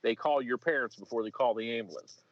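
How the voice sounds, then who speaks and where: A man's voice: medium pitch, fast talker, no room sound. A man, a former police officer, telling a story in a casual, comedic, rambling way, swearing and restarting his sentences. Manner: rambling, profane, lots of restarts. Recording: dry, slightly muffled podcast audio.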